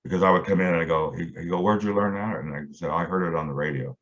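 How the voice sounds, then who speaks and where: Speaking at an extremely low pitch yet with a fairly bright tone, the middle-aged guitarist keeps a steady delivery and talks very fast. He rambles through a long interview anecdote, restarting often and leaning on fillers. The recording sounds dull and lo-fi.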